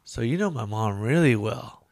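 Here a podcast co-host tells a meandering tale in casual chat, leaning on "you know" and "right?" and going high-pitched to imitate the people he quotes. His intonation is lively and his speed normal, captured in a dry, clean studio recording.

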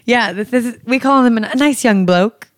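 A woman's voice: fairly high pitch, moderate pace, no room sound, studio quality. A young American woman chatting playfully on a podcast, giggling often. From United States. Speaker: guest, host's wife. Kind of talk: casual chat.

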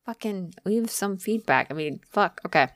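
A woman hosting a podcast, telling stories in casual chat, swearing freely and jumping into high voices for quoted lines. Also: lively intonation, normal speed, a bit bright, dry recording, clean studio sound. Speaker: podcast host.

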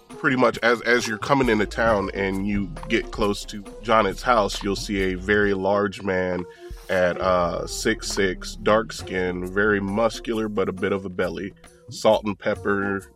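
A man narrating a tabletop game as game master, describing scenes in a relaxed way with filler words. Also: fairly low pitch.

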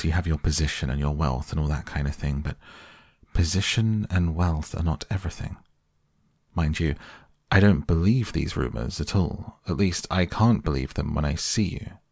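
A man voicing a grave, earnest gentleman painter in a soft bedtime audiobook reading. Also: vocal fry, dry recording, clean studio sound, full character voice. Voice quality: grave, deep. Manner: earnest, pleading.

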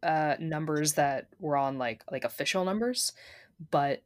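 A woman's voice: low-pitched, lively intonation, unhurried. A woman hosting a podcast in casual chat, steering the talk with dry asides. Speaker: podcast host.

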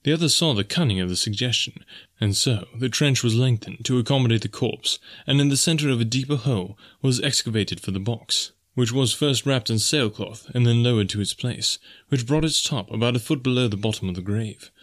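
A man narrating an adventure story in a measured, even manner. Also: mid-range voice. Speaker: audiobook narrator.

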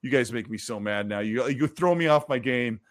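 A man's voice: mid-range voice, normal speed, dry recording. Man, gaming stream host, casual rambling chat, dry close sound. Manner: rambling, reads viewer messages aloud.

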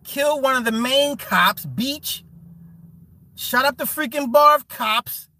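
A man hosting a casual livestream, reading chat aloud and riffing with loud laughs, mockery and swearing. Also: extremely high pitch, takes it slowly. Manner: animated, laughing, mocking, swearing.

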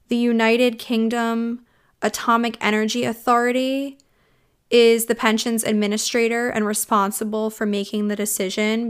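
A young woman hosts a true crime podcast, talking in an earnest, reflective way and pausing often to find her words. Her voice sits a little high and sounds smooth and clear. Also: fairly bright tone. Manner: earnest, reflective, with filler-laden pauses. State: choked up with emotion. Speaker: podcast host.

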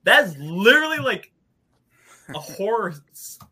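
A man in casual movie discussion, animated and laughing as he talks. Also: high-pitched, a little slow, breathy edge. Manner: animated, laughs while talking. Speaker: podcast panelist.

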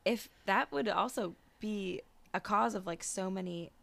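Gravelly, opinionated woman co-host. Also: mid-range voice, a little slow, a bit bright. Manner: opinionated, thinks aloud with restarts. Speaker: podcast co-host. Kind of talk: casual podcast chat.

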